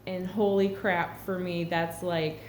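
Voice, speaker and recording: A woman's voice: on the low side, level tone, takes it slowly, darkish tone. A woman talking earnestly and reflectively to camera in a casual spiritual vlog. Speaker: spiritual vlogger. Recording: echoey room with faint background hum.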